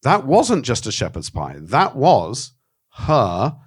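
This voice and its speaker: A man's voice: medium pitch, huge pitch swings, slow pace, breathy edge. A man being interviewed about his film, talking frankly and animatedly, with swearing and acted-out quotes. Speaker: documentary filmmaker, interviewee. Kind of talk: candid interview talk.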